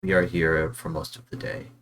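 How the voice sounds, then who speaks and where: A wary underground guard murmurs urgent warnings in a whispered role-play, as a man puts him on. The voice sits low and soft. It is a quiet figure from a tabletop fantasy game. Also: little pitch movement, normal speed, low-quality recording. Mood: hushed. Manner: hushed, urgent.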